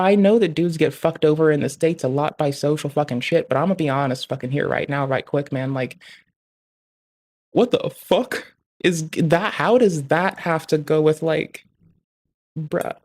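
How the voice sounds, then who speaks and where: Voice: mid-range voice, normal speed, a little mellow. A streamer venting in a casual, rambling rant, swearing constantly and filling gaps with "like" and "bruh". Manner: profane, rambling, heavy swearing; frequent filler "like" and "bruh".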